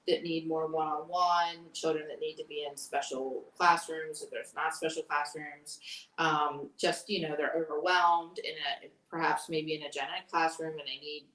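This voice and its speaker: A woman's voice: low-pitched, fairly bright tone. A woman answering questions about school policy in an earnest, explanatory way, with frequent fillers. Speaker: school board candidate. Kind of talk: candidate forum answers. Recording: echoey room, voice from far off.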